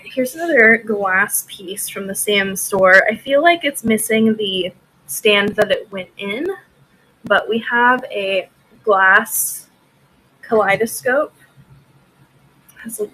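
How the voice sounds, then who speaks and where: A woman's voice: medium pitch, slow pace, bright, forceful tone, slightly rough, rough recording. A woman hosting a casual live-stream auction, chatting with viewers by name and laughing often.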